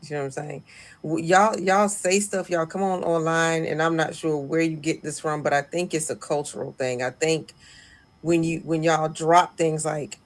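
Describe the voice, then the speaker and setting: A woman's voice: low-pitched, fairly even intonation, normal speed. A woman in an online clip speaking insistently, lecturing her listeners. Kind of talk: online video commentary.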